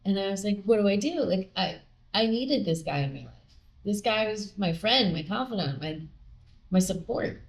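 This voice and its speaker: A woman guest telling a personal story in an animated way, acting out the dialogue she quotes. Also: medium pitch, normal speed, vocal fry. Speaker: podcast guest; singer with a record contract.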